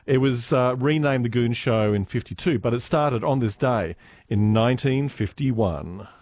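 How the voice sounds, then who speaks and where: A man presenting a radio show in a chatty, amused, relaxed way. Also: medium pitch, measured pace. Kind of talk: casual radio chat. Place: radio studio.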